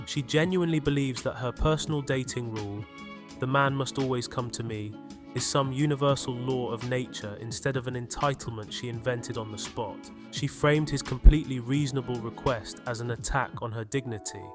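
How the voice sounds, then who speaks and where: A man delivers a scripted commentary, critical and scornful in tone. His voice sits at a middle pitch for a man. Guitar music plays clearly underneath him. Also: brisk. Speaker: commentary channel host.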